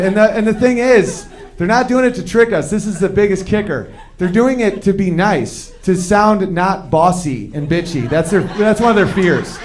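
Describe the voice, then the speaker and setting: High-voiced male stand-up comic. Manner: animated, acts out quoted voices. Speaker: stand-up comedian. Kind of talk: stand-up comedy set. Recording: live show with crowd. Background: audience laughter.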